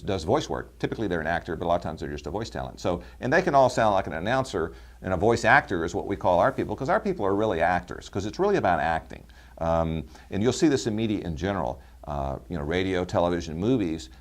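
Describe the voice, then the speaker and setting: A middle-aged man with a very low, deep voice explains his trade in a loose, conversational way. He stops and restarts often and fills gaps with ums. Now and then he drops into a stiff, formal announcer cadence to make a point. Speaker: voice agency director. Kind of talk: promotional talk to camera.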